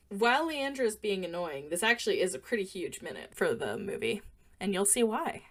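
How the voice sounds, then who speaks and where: A woman's voice: mid-range voice, sing-song, normal speed. A woman co-hosting a podcast, recounting film scenes in careful detail and quoting the dialogue in a matter-of-fact way. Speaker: podcast co-host. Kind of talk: casual podcast chat, describing film scenes.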